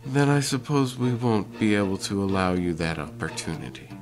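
A man voicing a sly young vampire villain who is the hero's uncle, talking in a silky, calm, gloating way. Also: lowish voice, moderate pace, over music.

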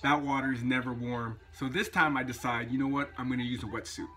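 A man's voice: mid-range voice, steady tone, quick pace, fairly bright tone. A man vlogging, telling a personal anecdote in a chatty, casual way. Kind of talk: casual storytelling vlog.

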